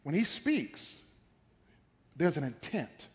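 A man's voice: fairly high pitch, wildly swooping pitch, slow pace. A man preaching a sermon in church, emphatic and firing questions at the congregation.

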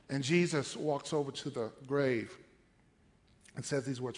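A man's voice: medium pitch, a little slow, long pauses. A man preaching a sermon in church, emphatic and firing questions at the congregation.

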